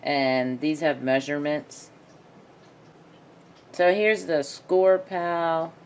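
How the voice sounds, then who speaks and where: Low-voiced woman thinking aloud while crafting. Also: steady tone, very slow, a little hiss or hum. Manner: thinks aloud while working, self-talk. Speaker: craft video host. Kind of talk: casual craft tutorial narration.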